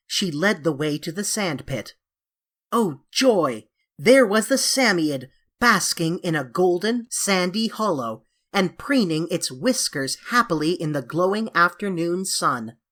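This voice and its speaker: A woman narrating a classic children's novel as an audiobook, in a measured, expressive storytelling manner. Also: lowish voice.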